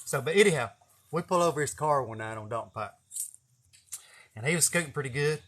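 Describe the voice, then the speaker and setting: A man's voice: a little high, fairly quick. A man telling casual stories, swearing a lot and acting out what people said. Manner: swearing, animated storytelling with acted-out quotes. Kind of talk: casual storytelling.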